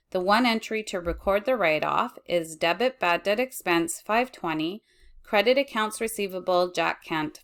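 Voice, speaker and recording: A woman teaching accounting, reading lecture slides in a measured way and correcting herself as she goes. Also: medium pitch, fairly bright tone. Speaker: accounting instructor.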